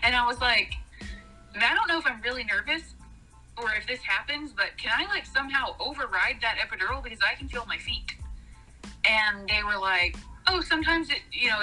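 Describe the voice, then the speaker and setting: A woman casually telling a comic story on a podcast, acting out what others said with big jumps in her voice and frequent laughter. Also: low-quality recording. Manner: animated, acts out quoted voices with big pitch jumps, laughs often.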